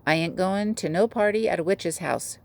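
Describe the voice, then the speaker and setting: A woman's voice: lowish voice, moderate pace, vocal fry, darkish tone. A woman reading aloud as a stubborn young boy who talks bluntly and insists on what he says. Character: boastful boy, scared and stubborn.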